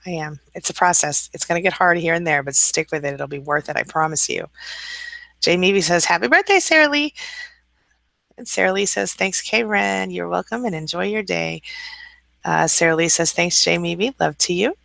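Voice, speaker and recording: A woman hosting a casual live stream, reading out viewer comments and answering them with a warm, chatty manner. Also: fairly low pitch, fairly even intonation, normal speed, gravelly, dry recording.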